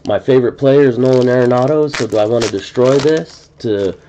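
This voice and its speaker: Mellow man musing through a card break. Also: medium pitch, brisk. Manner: rambling, musing aloud with restarts. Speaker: host of a card-breaking live stream. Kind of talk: casual live-stream commentary. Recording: dull lo-fi stream audio with faint noise.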